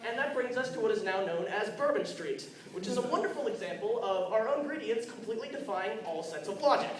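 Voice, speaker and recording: A man's voice: high voice, expressive, brisk, a little hiss or hum. A teenage boy doing a stand-up monologue at an open mic, nervous and self-deprecating, often stumbling over his words. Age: teens. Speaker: student comedian. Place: school hall with audience. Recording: echoey hall from far off, crowd.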